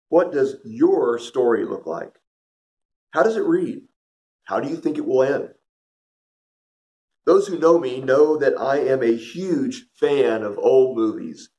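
A middle-aged man talks through a reflective devotional message in an earnest, storytelling manner. His voice sits at an ordinary male pitch as he addresses his listeners directly. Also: darkish tone. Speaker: devotional speaker.

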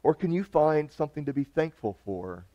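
A man's voice: a little high, sing-song, moderate pace. A man pastor preaching an earnest, conversational sermon. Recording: dull lo-fi recording.

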